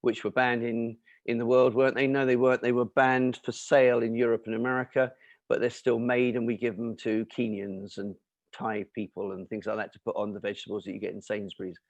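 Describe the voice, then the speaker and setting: A man answering questions in an explanatory talk, lecturing in an animated way with emphatic asides and fillers. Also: mid-range voice, brisk, dry recording, dull audio. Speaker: nutrition and cancer speaker answering questions.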